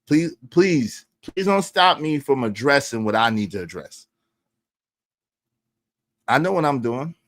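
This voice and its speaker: Middle-aged man, stream host, combative rant, bright ringing tone, dry close sound. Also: mid-range voice, expressive, measured pace, pauses often, no echo. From Brooklyn, New York. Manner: confrontational, repeats phrases for emphasis, swings loud. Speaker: livestream host. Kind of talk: heated livestream rant.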